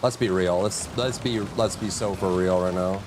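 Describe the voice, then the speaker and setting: A man's voice: moderate pace, noisy background. A man streaming live, talking his chat through a game and yelping at enemies. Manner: excitable, jumps to high yelps and mock insults at enemies. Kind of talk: live gameplay commentary.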